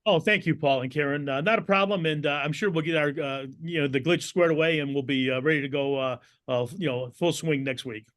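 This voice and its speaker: A man's voice: fairly high pitch, brisk, few pauses, a bit bright. A man co-hosting a casual podcast, talking hesitantly with many fillers. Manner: hesitant, many ums and you-knows. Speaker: podcast co-host.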